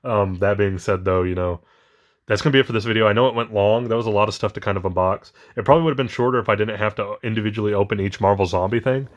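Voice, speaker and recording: A man's voice: lowish voice, fast talker. A man chatting casually while unboxing collectible toys, rambling with many fillers, his voice shaky with emotion. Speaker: toy collector vlogger.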